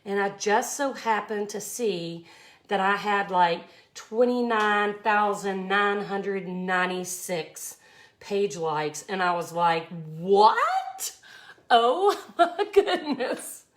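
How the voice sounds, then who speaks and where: A woman's voice: medium pitch, steady tone, slow, fairly bright tone. A woman, chatting effusively as she teaches a live glass art tutorial. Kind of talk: casual live tutorial chat.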